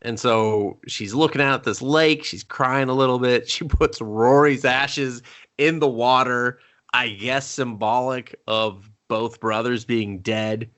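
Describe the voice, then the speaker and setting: A man co-hosting a casual movie review podcast, sarcastic and profane, often slipping into quick mock voices to act out scenes. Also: mid-range voice, fairly bright tone. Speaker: podcast co-host.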